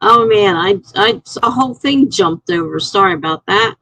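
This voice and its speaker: A middle-aged woman talks casually on her live stream, rambling from one story to the next. Her voice has a gravelly edge, and the sound is dry and close with no room around it. She grows animated when something offends her. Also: mid-range voice, unhurried, no echo, poor audio. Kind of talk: casual live-stream chat reading comments.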